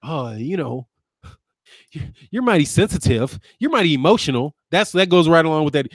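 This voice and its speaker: A man's voice: fairly high pitch, very animated, fairly quick, no room sound, studio quality. A man in his fifties, a lawyer hosting a boxing channel, ranting back at viewers with combative, sarcastic name-calling. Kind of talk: ranting commentary replying to viewers.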